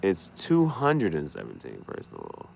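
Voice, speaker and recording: A man vlogging late at night, thinking out loud and trailing off into mutters and restarts. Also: low-pitched, huge pitch swings, a little slow, creaky, slight background noise. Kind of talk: late-night rambling vlog.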